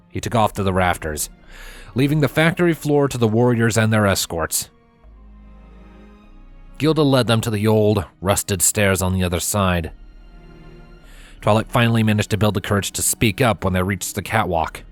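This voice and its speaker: Low-voiced man reading a story. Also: normal speed, pauses often, faint music behind. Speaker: fanfiction reader. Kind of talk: scripted narration.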